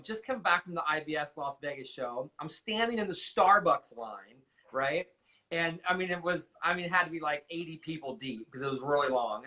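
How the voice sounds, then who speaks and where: A man's voice: fairly high pitch, pushed and bright, rough recording. A man telling stories in a casual interview as a guest nail technician, chatty, repeating words and acting out what others said.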